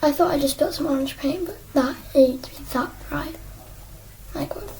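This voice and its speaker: Filmed on an iPad propped on a stool, a young woman paints a craft at her desk indoors, chatting casually at normal speed in a high, darkish voice. The low-quality recording has a little hiss or hum, and she rambles, jokes at herself, and drifts into whispers now and then.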